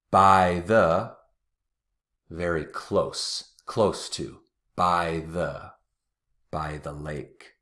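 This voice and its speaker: Slow, low-voiced male English teacher. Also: animated, fairly bright tone. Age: adult, watched TV as a kid in the 80s-90s. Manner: patient, repeats words slowly and clearly. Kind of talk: slow, deliberate pronunciation lesson.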